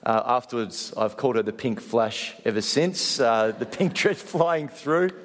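A man preaching a sermon, animated in his stories and dropping soft to stress a point. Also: mid-range voice, a little slow, long reverb tail. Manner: animated storytelling, drops soft for emphasis. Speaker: pastor.

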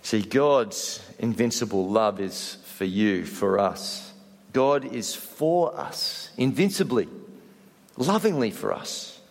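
A man preaching a sermon, animated in his stories and dropping soft to stress a point. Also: fairly low pitch, slow, vocal fry, big-room sound. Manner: animated storytelling, drops soft for emphasis. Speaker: pastor.

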